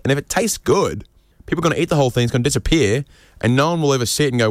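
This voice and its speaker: A man doing a rambling comedic monologue, animated and jumping into mocking voices. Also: mid-range voice, rapid-fire, no room sound, studio quality. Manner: rambling, with fillers and restarts.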